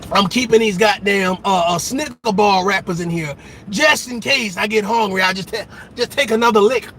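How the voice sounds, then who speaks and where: A man's voice: high voice, moderate pace, sharp tone, a little hiss or hum, pitched below the performer's own voice. A man putting on the voice of a messy adult who casually justifies the junk in their car. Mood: excusing.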